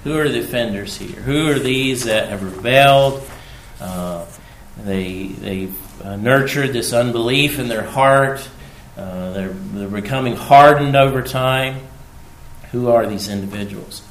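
A male preacher delivering a sermon at an unhurried, deliberate pace. His voice sits in a middle register and rings with a roomy echo. He drives points home by repeating them, dropping low and then rising loud. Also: slight background noise. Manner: emphatic, repeats key phrases, swings from hushed to loud.

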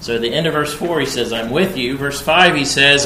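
A man preaching an expository sermon, speaking emphatically and rising in force when he quotes scripture. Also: mid-range voice. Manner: emphatic, rising loud on quoted scripture, slow deliberate pace. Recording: echoey room.

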